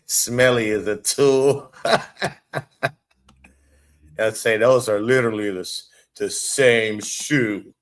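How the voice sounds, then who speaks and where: A man hosting a casual live stream, animated, swearing and talking back to his chat. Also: on the low side, slow, pauses often. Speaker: show host.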